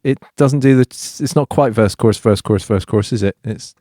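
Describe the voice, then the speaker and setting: A man's voice: medium pitch, fairly quick, dry recording, studio quality. A man co-hosting a podcast, asking questions and joking that he is a geek. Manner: lively, questioning, self-deprecating about being a geek. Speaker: podcast co-host. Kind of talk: casual music discussion.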